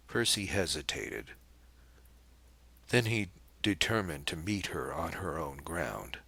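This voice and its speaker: A man narrating a novel as an audiobook in a measured, unhurried reading. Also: deep voice, animated, gravelly, bright, forceful tone, slightly rough, no room sound.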